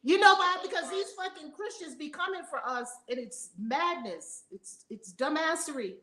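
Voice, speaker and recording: A woman's voice: high voice, lively intonation, normal speed, sharp tone, echoey room. A woman teaching as a spiritual reverend in a fiery, preaching manner, blunt and emphatic, swearing and repeating lines for effect.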